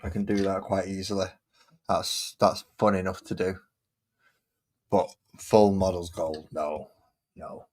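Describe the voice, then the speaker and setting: A man with a Manchester accent talks casually as he paints, drifting between remarks, half-sung repetitions and chuckles at his own jokes. His voice sits a little low for a man, and he keeps a loose, rambling, conversational flow. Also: fairly even intonation, measured pace, long pauses, a little mellow. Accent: Manchester English. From England. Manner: rambling, sings and hums to himself, repeats phrases, laughs at himself. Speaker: miniature painting streamer. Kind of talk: casual chat while painting.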